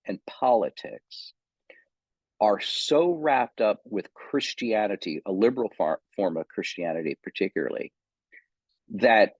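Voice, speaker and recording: A man's voice: fairly low pitch, slightly rough, dry recording. A man giving an unscripted seminary lecture on theology, thinking aloud with many ums and self-corrections.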